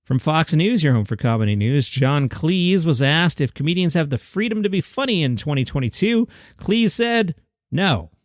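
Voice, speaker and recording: A man with a fairly high voice hosts a comedy news podcast, reading headlines and tossing off wry little jokes in between. The mic is dry and close, with no room sound. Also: lively intonation, moderate pace, no room sound. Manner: wry, jokey asides between read-out quotes. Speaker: podcast host. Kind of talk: solo comedy news podcast, read with asides.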